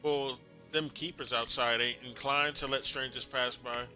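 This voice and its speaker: A man voicing a pair of scrappy male bug roach keepers in a put-on Cockney accent, gruff and slangy, while reading game dialogue aloud. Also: mid-range voice, fairly even intonation, normal speed, bright, forceful tone, faint music behind. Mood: gruff wary.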